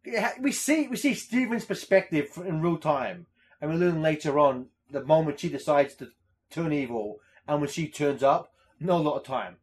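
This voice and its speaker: A man's voice: fairly high pitch, lively intonation, moderate pace. A man co-hosting a podcast in casual chat, rambling, swearing and laughing often. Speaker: podcast co-host.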